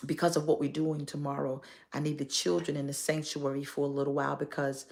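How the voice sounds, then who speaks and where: A woman's voice: low voice, flat delivery, fast talker, creaky, a little mellow. A woman pastor, giving playful, exhorting church announcements on a phone live stream and dropping into whispers now and then.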